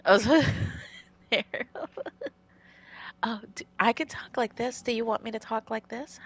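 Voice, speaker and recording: Slow, gravelly woman streamer, freshly woken. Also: fairly high pitch. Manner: rambling, playful, giggly. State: just woken up. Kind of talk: casual livestream chat while gaming.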